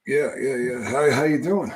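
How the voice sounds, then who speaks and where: A man's voice: medium pitch, moderate pace, a crowd in the background. A man hosting a live talk show, chatting casually and rambling with many fillers and restarts. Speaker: podcast host.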